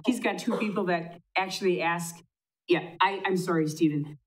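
A woman's voice: on the low side, normal speed, poor audio. Flustered woman chairing a meeting. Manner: apologetic, flustered over names.

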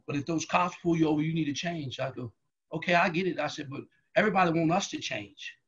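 A middle-aged man tells personal stories in an interview, loud and animated as he acts out each exchange. His voice sits a little high and sounds husky, and the audio comes through muffled and lo-fi. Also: fast. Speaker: guest, athletics staff member. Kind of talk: storytelling in an interview.

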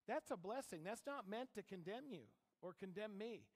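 A man's voice: high voice, lively intonation, moderate pace, in a large hall. A man preaching a sermon as pastor, in a conversational way, often asking his congregation questions. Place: church sanctuary.

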